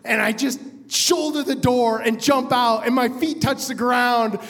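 Excitable male storyteller on a reverberant stage. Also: very high-pitched, measured pace. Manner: excitable, animated, with frequent chuckles. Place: theater stage. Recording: long reverb of a live stage.

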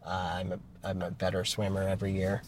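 A man co-hosting a casual podcast, delivering absurd jokes in a deadpan way while chatting in a car. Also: sits low, fast, slight background noise. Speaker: podcast co-host. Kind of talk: casual chat.

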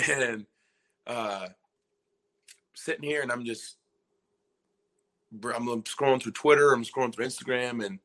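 A young man with a bright, forceful voice recounts a story on a podcast. He rambles through it and keeps slipping into quoted lines from himself and the people around him. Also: mid-range voice, a little slow, pauses often. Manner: rambling, retells scenes by quoting himself and others. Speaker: podcast guest, former college basketball player. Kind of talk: casual storytelling interview.

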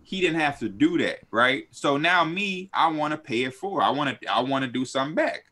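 Young dude on a podcast, bright forceful voice, animated storytelling, cusses a lot. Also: male voice, fairly quick. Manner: animated, profane, swings high when quoting people. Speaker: podcast co-host. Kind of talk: casual storytelling chat.

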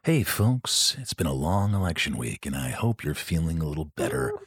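A hushed late-night radio DJ, as a man puts him on, low and slow, easing listeners along. The sound is close and dry. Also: big pitch swings, husky, no echo, full character voice. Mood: soothing. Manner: slow, soft, soothing delivery.

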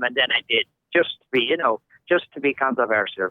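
A man's voice: mid-range voice, quick pace, few pauses, no echo. An older man with an Irish accent, a soccer commentator telling jokey stories as a podcast guest. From Ireland. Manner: jokey storyteller. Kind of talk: casual podcast interview. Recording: dry, tinny phone-like line.

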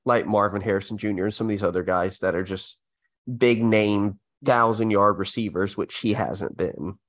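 A man co-hosting a sports podcast, speaking in a measured, agreeable way. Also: lowish voice. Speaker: podcast co-host. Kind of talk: casual sports talk.

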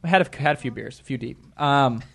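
Quick-paced man retelling a night out. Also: medium pitch, creaky. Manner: animated retelling with laughs. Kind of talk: casual chat.

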